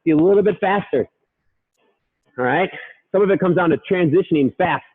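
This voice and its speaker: A man's voice: high-pitched, brisk, slightly rough. A man coaching a workout, upbeat, counting reps and urging listeners on, sometimes out of breath. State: out of breath at times. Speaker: fitness coach. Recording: tinny phone-like sound.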